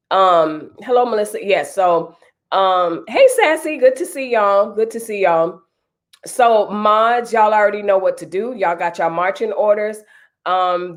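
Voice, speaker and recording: Stuffy-nosed woman hosting a live chat. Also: lowish voice. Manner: chatty, greets viewers by name. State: stuffy, nasal from a cold. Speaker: live stream host.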